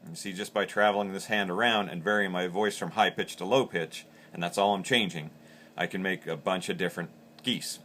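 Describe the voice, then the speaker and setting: A man's voice: low-pitched, a little fast, very noisy. A man teaching in a plain, practical way, explaining step by step and repeating words as he goes. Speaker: call maker instructor. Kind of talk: instructional demonstration.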